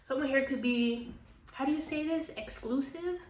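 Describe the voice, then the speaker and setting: Her voice sits high and moves at a normal speed while she reads tarot casually, swearing a lot, never mincing words, and laughing throughout. Faint noise and echo come through, since the mic is far off in a reverberant room.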